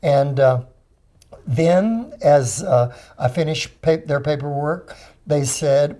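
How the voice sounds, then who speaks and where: A man in an interview telling a story in a lively way, laughing now and then as he recalls it. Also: on the high side, slow pace. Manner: animated, laughs while telling. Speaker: guest. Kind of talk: conversational storytelling.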